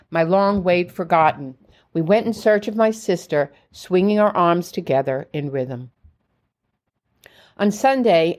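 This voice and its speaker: A woman narrating her own memoir in a steady storytelling voice. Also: on the low side. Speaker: memoir reader.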